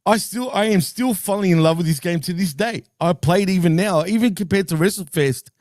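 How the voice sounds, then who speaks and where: A man's voice: high voice, brisk, darkish tone, no room sound, clean studio sound. A man co-hosting a podcast in casual chat, enthusiastic and nostalgic, laughing often. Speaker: podcast co-host.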